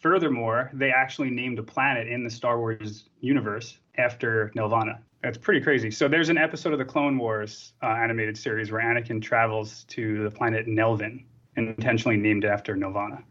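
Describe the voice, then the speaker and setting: A man's voice: medium pitch, fairly even intonation, brisk, a bit bright. A man hosting a casual interview, sharing trivia with enthusiasm. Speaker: podcast host. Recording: dull, muffled audio.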